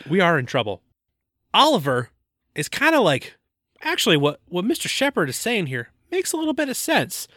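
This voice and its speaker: A man's voice: high-pitched, huge pitch swings, normal speed, pushed and bright, dry recording, clean studio sound. A man co-hosting a casual movie-review podcast, joking and recapping the plot with stumbles and laughs. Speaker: podcast co-host.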